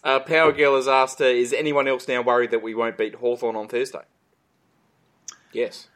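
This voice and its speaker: A man's voice: level tone, normal speed, a bit bright. An Australian man hosting a casual fan podcast, reading listener questions, passionate and prone to swearing. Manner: passionate, swearing, trailing off low.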